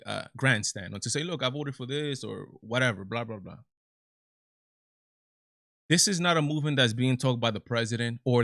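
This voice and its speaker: A man's voice: mid-range voice, fairly bright tone, no room sound, studio quality. Emphatic New man hosting a stream. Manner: emphatic, repetitive restarts. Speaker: show host. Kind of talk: live commentary stream.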